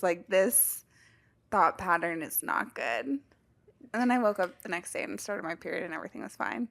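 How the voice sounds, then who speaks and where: A woman's voice: on the low side, normal speed, gravelly, a bit bright. A young woman co-hosting a casual podcast chat, talking candidly with frequent laughs and lots of "like" fillers. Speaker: podcast co-host.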